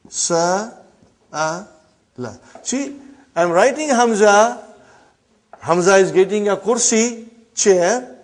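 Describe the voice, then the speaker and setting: Man teaching Arabic, brisk and high-voiced. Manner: addresses students as brothers and sisters, checks understanding with "huh?"; reads Arabic slowly, then explains quickly. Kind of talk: online language class.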